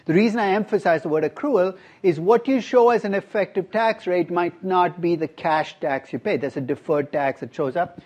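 A man's voice: high voice, normal speed, hardly any pauses, darkish tone, dull audio. A middle-aged man giving a classroom lecture as a professor, quizzing his students and dropping wry asides. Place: university classroom.

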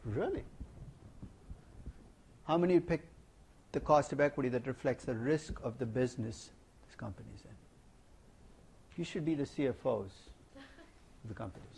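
A middle-aged man giving a university finance lecture, animated and playful, asking the class rhetorical questions. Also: mid-range voice, normal speed, gravelly, pauses often, a little hiss or hum. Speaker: finance professor. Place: lecture hall.

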